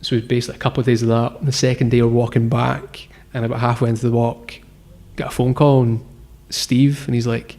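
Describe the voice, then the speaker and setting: A man's voice: medium pitch, level tone, a little fast, creaky, hardly any pauses, mellow. A man, a guest founder telling his story in a casual interview, rambling with lots of fillers and restarts. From Scotland. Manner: rambling, filler-heavy, self-correcting.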